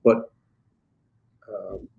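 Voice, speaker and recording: A man with an American Southern accent teaching a Greek class, explaining slowly with many fillers and restarts. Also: phone-quality sound. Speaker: Greek instructor. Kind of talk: classroom lecture and Q&A.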